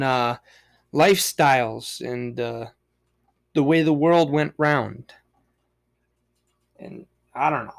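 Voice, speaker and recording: On his solo podcast, a young host goes off on a foul-mouthed, meandering rant, veering sharply between high and low, loud and soft.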